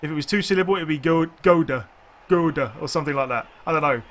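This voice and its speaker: A man's voice: fairly high pitch, racing, fairly bright tone, slight background noise. A man streaming a video game, chatting casually with viewers and thinking aloud in rambling, restarting sentences. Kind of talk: casual chat while gaming.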